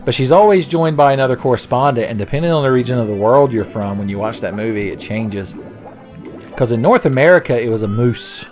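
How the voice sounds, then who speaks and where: A man's voice: medium pitch, a little fast, soft background music. A young man hosting a let's play, giving casual gameplay commentary full of sarcastic, profane, rambling jokes.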